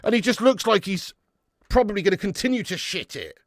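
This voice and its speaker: A man hosting a live football watch-along, swearing freely, getting excited and reading out viewer comments. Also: high-pitched, brisk, no echo, clean studio sound. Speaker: fan channel host.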